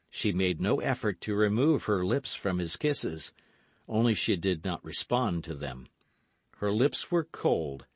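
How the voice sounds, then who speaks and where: Expressive male audiobook narrator. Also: sits low, measured pace, no echo. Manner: expressive, storytelling. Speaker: audiobook reader. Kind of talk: scripted narration.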